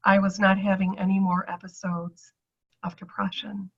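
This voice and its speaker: A woman's voice: medium pitch, little pitch movement, moderate pace, husky, dull audio. A middle-aged woman giving a chatty personal testimonial to an audience, acting out the voices she quotes.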